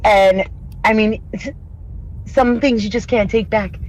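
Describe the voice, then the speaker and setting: A woman's voice: mid-range voice, steady tone, a little slow, slight background noise, rough recording. A young woman chatting casually on a podcast, ranting with profanity and mimicking others in mocking voices. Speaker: podcast co-host. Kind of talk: casual chat.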